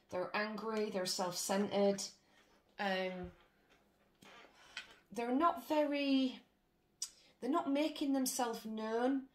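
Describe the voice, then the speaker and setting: A British woman doing a casual tarot reading, blunt, chatty and full of swearing. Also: a little high. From Britain. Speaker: tarot reader. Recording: roomy with faint noise.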